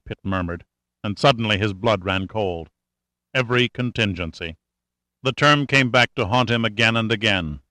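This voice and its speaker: A man narrating an audiobook thriller in a steady, tense storytelling manner. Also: medium pitch, no echo, studio quality. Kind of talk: scripted narration.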